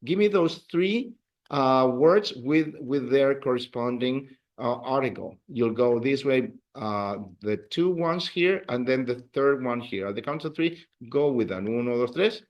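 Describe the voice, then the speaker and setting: Animated male language teacher. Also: medium pitch, unhurried, muffled recording. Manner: animated, drills students with counts and praise. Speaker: Spanish teacher. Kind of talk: classroom language lesson.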